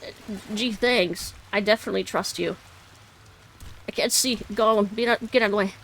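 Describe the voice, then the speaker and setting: A woman's voice: medium pitch, moderate pace, creaky, fairly bright tone, a little hiss or hum. A young woman streaming a video game, chatting casually and giggling often as she rambles and corrects herself. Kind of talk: casual gaming commentary.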